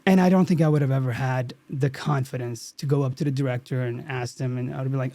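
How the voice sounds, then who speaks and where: A man guest on an interview podcast, telling a story from a set in an earnest, animated way with lots of restarts. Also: medium pitch, fast, no room sound. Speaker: actor guest.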